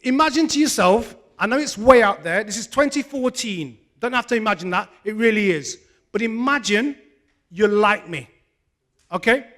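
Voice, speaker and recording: A man's voice: high voice, expressive, moderate pace, fairly bright tone. A man hosting a live community event, teasing the audience and joking at his own expense on a handheld microphone. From England. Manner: self-mocking, teasing, comic asides. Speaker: event host. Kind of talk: joking stage banter with the audience.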